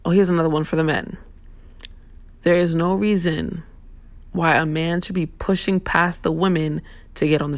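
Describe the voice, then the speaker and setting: A woman's voice: low voice, vocal fry, dry recording. A young woman hosting a casual talk show, venting bluntly and sassily with plenty of profanity. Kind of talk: casual opinion rant.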